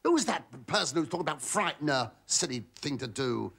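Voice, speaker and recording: A middle-aged actor playing a bumbling, scheming Roman slave who rambles in flustered asides to the audience, in a 1970s TV sitcom. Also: male voice, fairly high pitch, expressive, fast, vocal fry, fairly bright tone, breathy edge, exaggerated voice. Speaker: servant. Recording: noisy 1970s TV sitcom recording.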